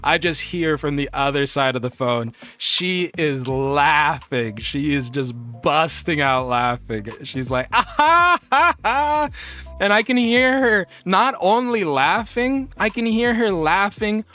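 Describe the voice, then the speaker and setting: A man streamer telling a story casually and reading chat, animated and laughing often. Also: unhurried, hardly any pauses, soft background music. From United States. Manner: animated, laughs often, jumps up in pitch for quoted bits.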